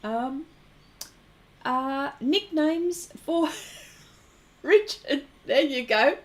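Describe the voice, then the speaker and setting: A woman's voice: sits high, extremely slow. A middle-aged woman from New Zealand with a Kiwi accent, hosting an art livestream, chatting casually and laughing often while she reads viewer comments. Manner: giggly, laughs often between remarks.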